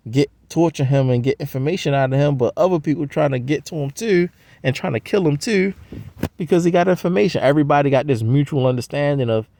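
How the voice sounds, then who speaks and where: Guy with a gravelly voice ranting loose and profane, mid pitch, dry close sound. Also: mellow, no room sound. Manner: profane, slangy, rambling. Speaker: vlogger. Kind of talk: rambling casual monologue.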